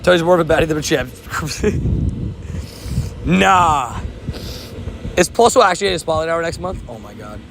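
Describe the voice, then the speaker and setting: A man's voice: a little high, expressive, unhurried, long pauses, a bit bright, poor audio. A young adult man live-streaming a mobile game outdoors, chatting upbeat and reading viewer comments aloud. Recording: outdoor wind noise on mic.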